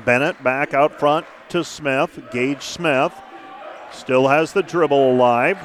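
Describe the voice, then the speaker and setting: A man calling live basketball play-by-play, brisk and name-by-name, with stat asides between plays. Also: mid-range voice, slight background noise. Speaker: play-by-play announcer.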